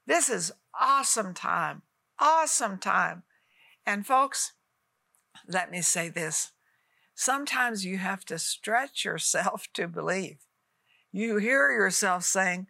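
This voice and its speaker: Fervent gravelly woman in her eighties preaching. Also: medium pitch, lively intonation, slow pace, bright, forceful tone, no echo. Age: 80s. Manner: fervent, coaxing, talks straight to viewers. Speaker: television minister. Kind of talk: televised sermon and prayer.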